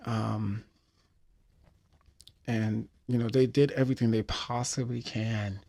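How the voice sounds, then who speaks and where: A man's voice: mid-range voice, fairly even intonation, slow pace, gravelly, a little mellow. A man hosting a podcast, telling a story in a heartfelt, hesitant way while reflecting on losing a friend. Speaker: podcast host.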